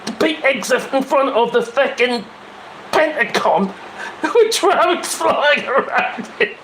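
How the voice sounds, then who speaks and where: A man's voice: extremely high pitch, noisy background. A middle-aged man hosting a casual livestream, rambling, exclaiming and often laughing and swearing. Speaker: livestream host.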